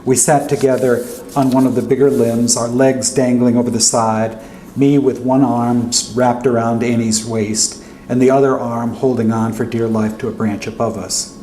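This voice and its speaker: Male author reading fiction at a podium, mid-pitched, echoey hall. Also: moderate pace. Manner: steady first-person narration. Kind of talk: reading his fiction aloud. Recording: echoey hall with faint hum.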